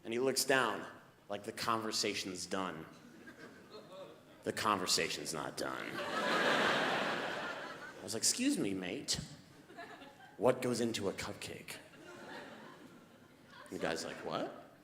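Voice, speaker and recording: A man doing a stand-up comedy set on stage, telling a story and building to shouted punchlines. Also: lowish voice, big pitch swings, slow, long pauses. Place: comedy stage before a live audience. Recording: echoey hall with crowd noise.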